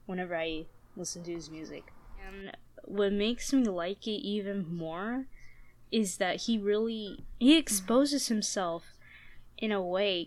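A young woman co-hosting a casual podcast, soft-spoken and dry, often trailing off quietly. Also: medium pitch. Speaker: podcast co-host.

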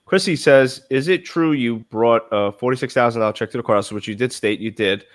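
A man's voice: mid-range voice, brisk. Hesitant man with a Brooklyn accent. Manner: hesitant, many fillers. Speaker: podcast host. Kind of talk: casual interview.

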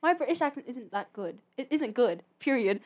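A young woman co-hosting a casual podcast chat, giggly and rambling. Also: on the high side. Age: young adult. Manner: giggly, animated, quick and rambling. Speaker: podcast co-host. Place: sitting by a window with cars passing.

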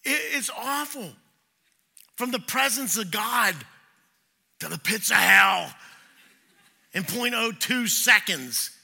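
A middle-aged man preaching a sermon, telling personal stories and acting out the voices he quotes, swinging between loud and hushed. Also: high voice, expressive, takes it slowly, gravelly, pauses often, husky. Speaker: pastor.

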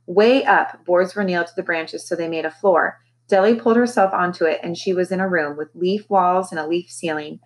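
A woman teacher reading a novel aloud to her class, with expressive, animated storytelling. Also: on the low side, a little fast, hardly any pauses, poor audio.

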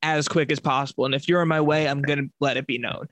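A man's voice: a little high, steady tone, quick pace, fairly bright tone, no echo. Chatty man, mild Long Island accent. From Long Island, New York. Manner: rambling, filler-heavy, self-correcting. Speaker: podcast co-host. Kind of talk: casual chat.

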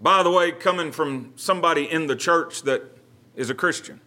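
A man's voice: a little high, normal speed, pushed and bright. A man, a pastor leading a Bible study, speaking earnestly and conversationally, often repeating words as he gathers his thoughts.

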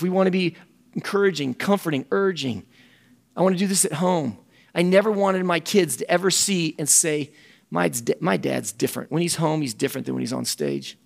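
A man's voice: on the high side, gravelly. A middle-aged man, a camp ministry director giving a folksy conference talk with quoted voices.

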